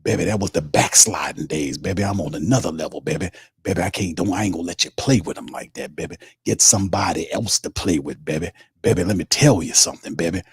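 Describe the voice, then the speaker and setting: A man voicing a smooth-talking male preacher who calls everyone baby in a drawl. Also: low-pitched, fast, no echo, clean studio sound, full character voice. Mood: boastful. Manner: drawling, repeats "baby" constantly.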